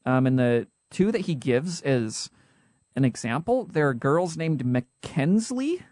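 A young man with a Utah accent, co-hosting a podcast in a casual, joking way with quick asides. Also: fairly high pitch, sing-song, a little mellow, no echo, clean studio sound. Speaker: podcast co-host.

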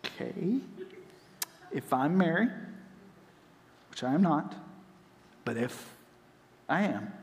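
A man from North Carolina, preaching a sermon as pastor and acting out voices in animated storytelling. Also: fairly high pitch, drawn-out words, long pauses. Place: church auditorium. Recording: long reverb of a large hall.

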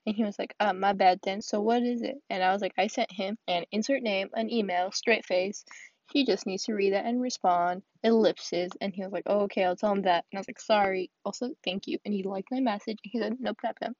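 A teenage girl venting alone on her podcast, rambling and acting out her chats, dropping now and then into soft whispers. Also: medium pitch, breathy edge, no echo, highs cut off. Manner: rambling, quotes conversations with "I was like". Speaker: podcast host. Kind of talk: solo venting monologue. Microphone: earphones with mic.

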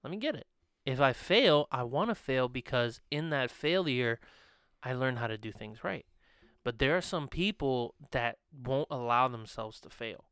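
With a measured pace and a mid-range voice that's a bit bright and clean, a young man co-hosts a podcast. He drifts through long stories in casual chat, using fillers and laughing along the way. A studio podcast mic gives clean, echo-free studio sound.

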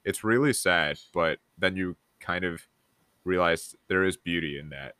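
A man's voice: sits low, a little slow, bright, forceful tone, no echo, studio quality. A man hosting a podcast, agreeable and encouraging as he asks open questions. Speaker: podcast host. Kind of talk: casual interviewing.

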